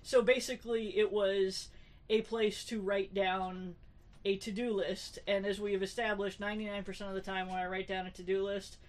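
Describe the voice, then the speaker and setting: A woman co-hosting a podcast in relaxed, wry chat. Her voice sits in a middle pitch, and she keeps going with plenty of fillers and self-corrections. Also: normal speed. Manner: chatty and wry, many fillers and restarts. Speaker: podcast co-host.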